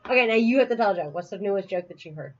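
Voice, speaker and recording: A woman's voice: medium pitch, lively intonation, rapid-fire, faint music behind. Giggly woman telling a joke, muffled audio. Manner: giggly storyteller, laughs often. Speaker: podcast co-host. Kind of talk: casual chat.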